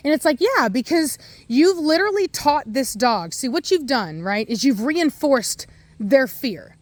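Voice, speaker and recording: A woman's voice: sits high, big pitch swings, measured pace, dry recording. A woman who breeds and trains dogs, ranting bluntly and with exasperation in an opinionated commentary.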